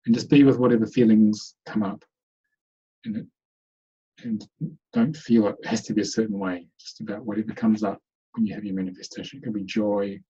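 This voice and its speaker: A man leading a guided meditation in an online webinar, giving slow, soothing instructions. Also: fairly low pitch, level tone, mellow, slightly rough, highs cut off. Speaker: meditation teacher.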